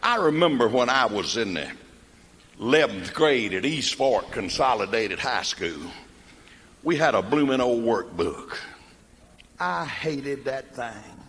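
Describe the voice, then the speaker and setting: A man's voice: mid-range voice, fairly bright tone, in a large hall, a little hiss or hum. An older man with a Mississippi Southern accent telling comic country stories in a folksy drawl, acting out the people in them. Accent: Southern American, Mississippi. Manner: folksy drawl, acts out characters in the tales. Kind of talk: stand-up storytelling.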